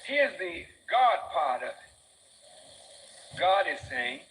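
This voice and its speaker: A man's voice: high voice, big pitch swings, slow pace, long pauses, background noise. A man preaching a sermon, emphatic and repetitive, his voice climbing as he builds.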